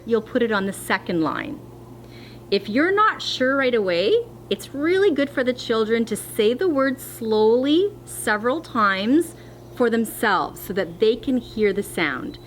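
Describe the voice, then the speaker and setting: A woman teaching a phonics lesson to young children, speaking slowly and clearly with encouragement. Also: fairly high pitch, a little hiss or hum. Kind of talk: distance-learning phonics lesson.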